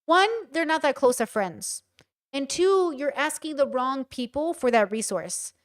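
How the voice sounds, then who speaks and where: A woman's voice: high voice, animated, measured pace. A woman streaming casual live commentary, talking bluntly and with emphasis straight to her chat. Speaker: streamer reacting to a show.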